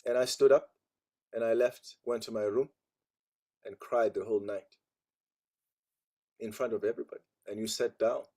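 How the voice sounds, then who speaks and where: A man's voice: mid-range voice, steady tone, normal speed, pauses often, darkish tone, close to an everyday voice. A man voicing a hurt woman devotee who reproaches a monk as he retells her story.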